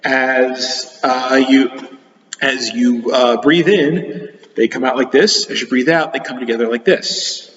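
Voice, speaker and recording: A man's voice: medium pitch, takes it slowly, fairly bright tone. Chatty man teaching a kids' science lesson. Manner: chatty, explains with demonstrations. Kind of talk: classroom lesson for children. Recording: dull sound with long reverb.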